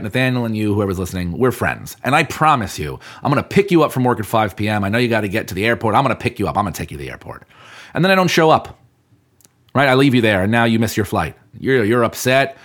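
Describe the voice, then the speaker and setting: In this motivational podcast segment, the male host addresses the listener in an earnest, coach-like way about honoring commitments. He has a medium-pitched, fairly bright voice.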